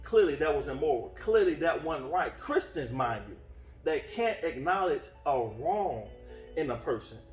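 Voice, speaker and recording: At a moderate pace and very animated, a man with a slightly high voice gives an earnest teaching sermon full of restarts and fillers. He's off-mic in a roomy, echoing space with faint music in the background.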